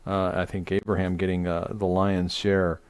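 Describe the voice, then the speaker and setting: A man's voice: sits low, flat delivery, moderate pace, clean tone, dry recording, studio quality. A middle-aged man, a rabbi, teaching an online Torah study, speaking off the cuff with many fillers and restarts.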